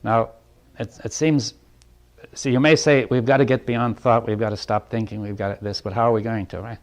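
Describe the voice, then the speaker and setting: A man giving a reflective talk to a group, thinking aloud in halting phrases, checking in with "right?" and chuckling lightly between points. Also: mid-range voice, fairly even intonation. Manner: thoughtful, halting, often asks "right?". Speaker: speaker leading a group dialogue.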